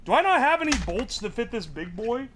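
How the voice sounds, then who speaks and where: A man's voice: extremely high pitch, big pitch swings, fairly quick, noisy background. A man streaming live, joking with his chat and thinking aloud while he builds something. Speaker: livestreamer. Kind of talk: casual livestream chat.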